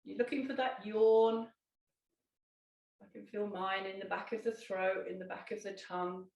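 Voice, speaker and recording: A woman, a Pilates instructor gently guiding a seated exercise, with calm instructions and small self-corrections. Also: mid-range voice, moderate pace, distant mic. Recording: echoey room, voice off-mic.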